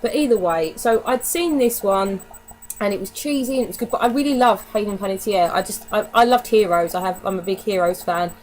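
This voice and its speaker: A woman's voice: medium pitch, fairly quick, a little mellow, poor audio. A woman chatting casually to camera in a DVD haul vlog, candid and given to casual swearing. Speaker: vlogger.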